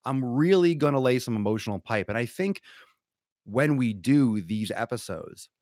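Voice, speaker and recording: Man, fitness podcast host, bawdy hype, mid pitch, dry close mic. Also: lively intonation, moderate pace, no echo. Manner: loud, bawdy, hyped showman. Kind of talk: live-streamed casual podcast.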